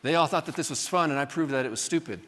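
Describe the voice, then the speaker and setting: A man's voice: a little high, quick pace, fairly bright tone. Conversational man lecturing in a reverberant hall. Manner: conversational, often acts out quoted voices, adds "right?". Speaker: Bible college teacher. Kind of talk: classroom lecture.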